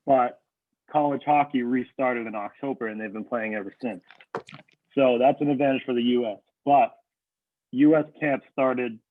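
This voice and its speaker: A man's voice: mid-range voice, dry recording. A young man co-hosting a sports podcast, talking casually but methodically as he walks through his reasoning. His voice comes through a narrow, phone-like line with a dry, close sound. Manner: analytical, breaks down points in order. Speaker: podcast co-host.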